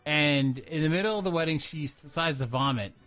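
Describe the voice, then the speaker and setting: A man hosting a casual clip show, introducing videos with deadpan jokes and hesitant fillers. His voice sits a little high for a man. Faint music plays behind him. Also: a little fast. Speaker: host. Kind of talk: casual banter over video clips.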